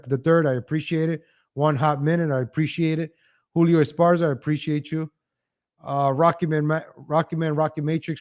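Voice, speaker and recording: A man hosting a casual morning livestream, chatting loosely and thanking viewers in the chat. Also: a little high. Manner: rambling, warm toward chat viewers, frequent restarts. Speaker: host.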